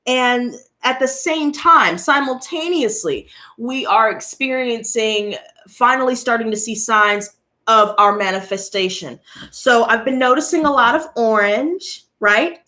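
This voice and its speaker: A woman tarot reader chatting casually to her viewers, telling an animated story and addressing them directly. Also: fairly high pitch, a little slow.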